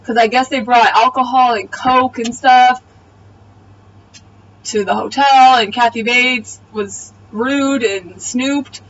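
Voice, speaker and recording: Woman, higher voice, casual blunt review, mic set away from her, muffled faint hiss. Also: fairly even intonation, takes it slowly, distant mic. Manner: blunt, profane, exasperated retelling. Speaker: TV episode reviewer. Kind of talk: casual video review recap.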